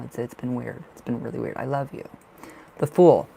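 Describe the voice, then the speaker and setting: A man's voice: medium pitch, normal speed, creaky, warm tone, husky. Chatty man doing live tarot readings. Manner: chatty, reassuring, emotional, lots of fillers. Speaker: tarot reader.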